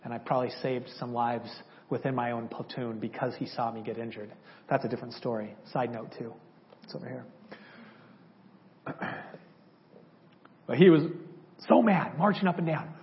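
In a church, a man with a mid-range voice gives a personal testimony at a moderate pace, pausing often. He tells it conversationally, acting out the dialogue as he remembers it. The audio is lo-fi and a bit dull.

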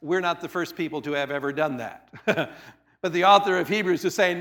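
A man's voice: on the high side, a little fast, a bit bright. A man preaching a sermon in a conversational style, piling up repetitions and restating his point for emphasis. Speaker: pastor.

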